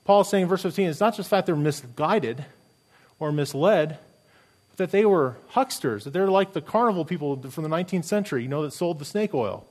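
Higher-voiced man preaching earnestly. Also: expressive, fairly quick, a little mellow. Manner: earnest, emphatic preaching with rhetorical questions. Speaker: pastor. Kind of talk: sermon.

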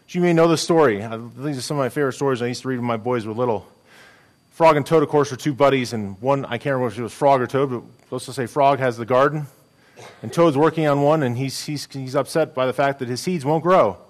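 A man's voice: mid-range voice, fast. A middle-aged man preaching a sermon as pastor, earnest and conversational, with frequent restarts.

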